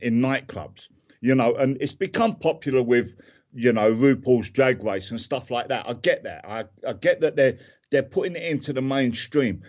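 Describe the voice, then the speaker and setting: A man's voice: medium pitch, dull audio. A man with a Cockney accent from southern England, speaking earnestly as a guest on a radio interview, plain-spoken and circling back with fillers. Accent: London Cockney. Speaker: guest musician and activist.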